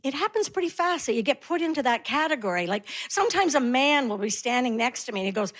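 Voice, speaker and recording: A middle-aged woman works a stand-up crowd in a high, bright-pitched voice. She keeps her delivery wry and slips into mocking voices of the people in her stories. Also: animated, quick pace, few pauses. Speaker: stand-up comedian. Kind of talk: stand-up comedy.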